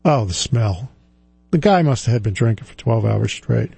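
Gravelly chuckling middle-aged man. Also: medium pitch, lively intonation, moderate pace, dark tone, dry recording. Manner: chatty, chuckling, with restarts. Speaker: financial advisor and firm president. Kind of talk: casual storytelling monologue.

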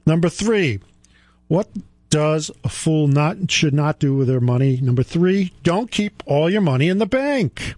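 A man's voice: fairly high pitch, animated, unhurried, darkish tone, no echo. A man in his sixties hosting a radio finance show, talking in an emphatic way, repeating his key points and joking about himself. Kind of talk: radio talk monologue.

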